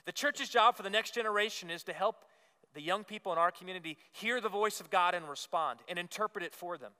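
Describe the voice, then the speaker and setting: Man preaching in a church, bright clear voice, long echo off the walls. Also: sits high, fast talker. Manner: earnest preaching with repetitions and emphatic rises. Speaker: pastor. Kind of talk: sermon. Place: church sanctuary. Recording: long reverb of a church hall.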